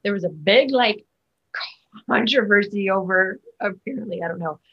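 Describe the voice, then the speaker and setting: A woman with a husky, breathy voice talks in a loose, chatty way and keeps restarting her sentences. She speaks as a guest in a casual interview. The sound is muffled and lo-fi. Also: medium pitch, normal speed. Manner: chatty, many fillers and restarts. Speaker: Broadway actor, guest.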